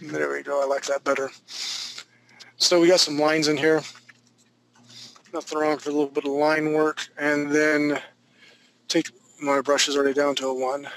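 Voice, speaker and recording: Gravelly, bright-voiced man teaching drawing. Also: on the high side, level tone, normal speed, pauses often, slight background noise, rough recording. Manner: loose, joking, thinking aloud while drawing. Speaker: drawing instructor. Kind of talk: live online drawing class. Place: home studio.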